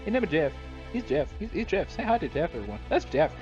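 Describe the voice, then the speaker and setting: A man's voice: on the high side, sing-song, quick pace, a little mellow, muffled recording. A man hosting a casual chat while drawing, ranting in exasperation and swearing freely. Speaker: host. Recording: music playing underneath.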